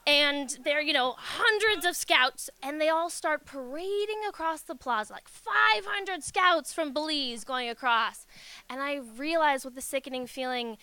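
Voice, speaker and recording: A woman's voice: high-pitched, measured pace, bright, forceful tone. A young woman from the United States telling a story on stage in a casual, self-mocking way, swearing freely and laughing through the telling.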